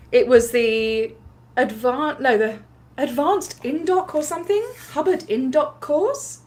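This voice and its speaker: A woman with an Australian accent, telling a story in a casual livestream recap, chatty and animated, with many fillers and frequent laughs. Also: fairly high pitch. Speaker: activist livestream host.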